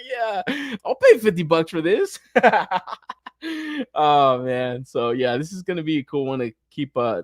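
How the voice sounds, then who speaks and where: A young man hosts a toy podcast in loose, profane chat, swinging between laid-back talk and mock rants full of laughter. His voice sits at a middle pitch, and the recording is close and dry with no room sound. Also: no room sound. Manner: profane, animated, frequent laughter. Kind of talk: casual chat.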